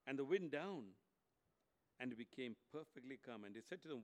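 A man delivers an animated sermon, moving between loud, emphatic lines and soft, hushed ones. He speaks at medium pitch and a fairly quick pace.

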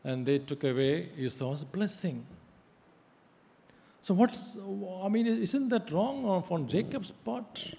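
Male preacher, higher-pitched, emphatic delivery with frequent pauses; long hall reverb. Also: animated, dark tone. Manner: emphatic preaching with many hesitations. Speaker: pastor. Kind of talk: sermon.

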